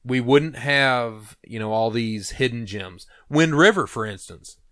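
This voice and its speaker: A man's voice: medium pitch, a little slow, fairly bright tone, dry recording, studio quality. Emphatic opinionated man in casual chat. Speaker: podcast co-host.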